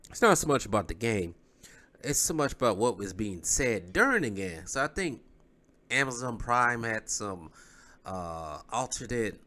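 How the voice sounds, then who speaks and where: A man talking in a loose, rambling vlog style, full of ums and restarts, just over the flu. His voice sits a little low, with a bright, forceful edge. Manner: rambling, conversational, many fillers. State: recovering from flu, cough drop in mouth. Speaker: YouTube sports commentator. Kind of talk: casual vlog talk.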